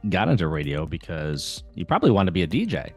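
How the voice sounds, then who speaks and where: A man's voice: low-pitched, sing-song, fast talker, over music. A man in his fifties hosting a podcast, chatting easily and thinking aloud. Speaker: podcast host. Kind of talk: casual interview chat.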